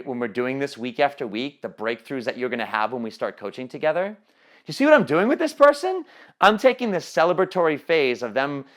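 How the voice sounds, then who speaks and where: On a teleconference, a man runs a training session on sales coaching in a casual style full of fillers and restarts. His voice sits at medium pitch with a fairly bright tone.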